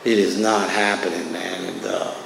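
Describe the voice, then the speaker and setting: A man's voice: low voice, flat delivery, moderate pace, creaky, background noise. A man from New Jersey speaking as an AA speaker at a recovery meeting in a church hall, telling his story in a casual, streetwise way that keeps coming back to "man". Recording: echoey church hall with long reverb.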